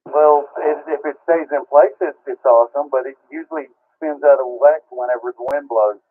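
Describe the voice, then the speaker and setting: A man's voice: a little high, fairly even intonation, normal speed. A man checking in to an amateur radio net, chatting in an easygoing, self-deprecating way. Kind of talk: casual radio chat. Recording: tinny radio transmission.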